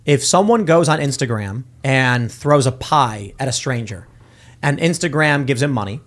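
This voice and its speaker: A man's voice: medium pitch, lively intonation, normal speed. A man hosting a political talk show, arguing his point emphatically in casual chat. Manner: emphatic, argues with acted-out quotes. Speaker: podcast host.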